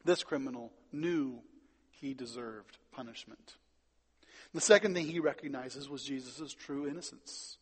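A man preaching a sermon, stressing words loudly and then dropping quiet. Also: medium pitch, measured pace, husky, in a large hall. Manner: emphatic, swings between loud stresses and quiet drops. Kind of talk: sermon with Bible reading.

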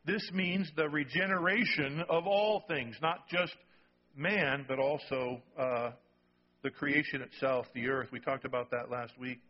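Male preacher, emphatic sermon delivery, husky tone, recorded dull in a reverberant hall. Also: medium pitch, measured pace. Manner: emphatic, repeats key phrases, asks the congregation "okay?". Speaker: pastor.

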